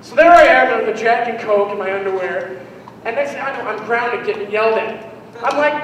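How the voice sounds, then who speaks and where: High-voiced man doing stand-up in an echoey hall. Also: a little slow, fairly bright tone, a little hiss or hum. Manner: rambling, self-mocking, riffs with the crowd. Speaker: stand-up comedian. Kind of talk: stand-up set. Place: live comedy venue with an audience. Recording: echoey hall recorded from far off.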